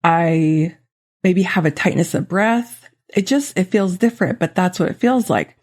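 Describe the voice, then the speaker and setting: Gentle, earnest woman podcast coach. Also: fairly low pitch. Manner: gentle, earnest, reassuring, with slow stretched phrases. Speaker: podcast host, life coach. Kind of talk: solo podcast teaching talk.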